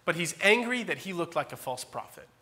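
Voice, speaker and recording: A pastor in his forties preaches a church sermon in a little high, brisk voice. His delivery is animated and dramatic, swinging between loud peaks and quiet asides.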